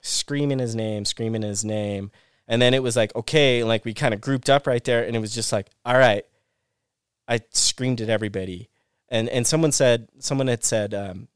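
In a casual storytelling interview, a middle-aged former pro snowboarder recounts an avalanche rescue as a podcast guest, tumbling through restarts and repeated phrases. His medium-pitched voice is clear and resonant at a moderate pace, recorded dry in a clean studio.

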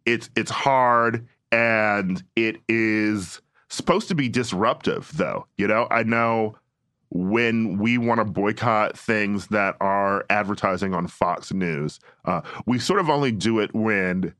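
A man's voice: lowish voice, takes it slowly, clean tone, dry recording, studio quality. A man co-hosting a podcast, chatting casually with jokes and laughter and reading sponsor ads. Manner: laughs often, animated and joking. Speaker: podcast co-host. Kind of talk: casual chat and read ads.

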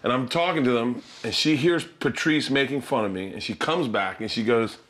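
A man in his thirties hosting a casual chat, telling stories with lively energy and laughing through his punchlines. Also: mid-range voice, moderate pace. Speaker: host and comedian.

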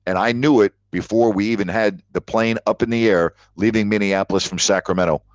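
A very deep-voiced man hosts a live call-in sports talk show, telling stories with emphatic repetition. The sound is dry and close, with dull lo-fi audio. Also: steady tone, brisk, dry recording. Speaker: sports radio host.

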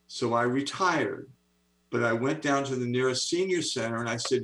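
On a video call, an enthusiastic storyteller in his seventies is being interviewed; he is an author and speaker. He talks at a moderate pace with medium pitch, and the poor audio has a little hiss or hum.

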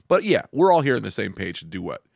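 Animated joking podcast host, man. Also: fairly low pitch, fast talker, vocal fry, no room sound, studio quality. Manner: animated, joking, swears freely. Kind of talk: casual podcast chat.

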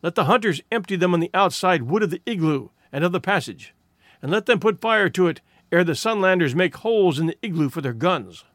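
A man playing a cunning chief from an old storybook, grim and scolding, in a lively voice that swings up and down. He sits a little high and sounds dry and close. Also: brisk, dry recording. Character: cunning scheming male village chief.

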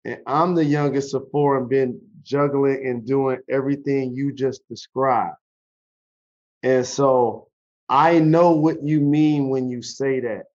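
Muffled audio carries this podcast host's medium-pitched, darkish voice with fairly even intonation. A former pro athlete, he interviews his guest and reflects on his personal losses in a slow, deliberate, earnest way.

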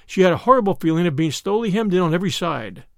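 A male audiobook narrator with a high, animated voice tells the story expressively. The read is close and dry, with no room sound around it. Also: fast talker, gravelly, no room sound. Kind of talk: scripted narration.

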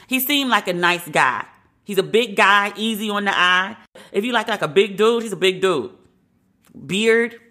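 A woman with a bright, forceful voice hosts a podcast in casual commentary. She talks candidly and conversationally, with strong opinions and the odd curse word. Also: medium pitch. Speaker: podcast host.

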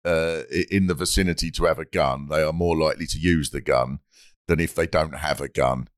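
A man's voice: extremely low pitch, fairly even intonation, fairly quick, smooth, no room sound, clean studio sound. A middle-aged man from Britain hosting a comedy podcast, rambling and sweary in a chatty way. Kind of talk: casual chat.

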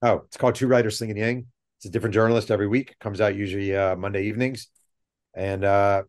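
Middle-aged guy w a lowish voice, rambling chatty guest telling stories. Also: quick pace. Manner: animated storyteller, rambling asides. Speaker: podcast guest, author. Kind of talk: casual interview chat.

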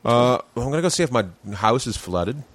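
A man who is a comedian guest on a podcast, talking in a laid-back, halting way in casual chat. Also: medium pitch, animated, no room sound. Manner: laid-back, hesitant with fillers. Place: home man cave.

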